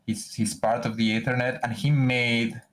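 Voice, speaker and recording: A man's voice: mid-range voice, flat delivery, moderate pace, a bit bright, low-quality recording. A man co-hosting a podcast in casual chat, rambling with many restarts. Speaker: podcast co-host.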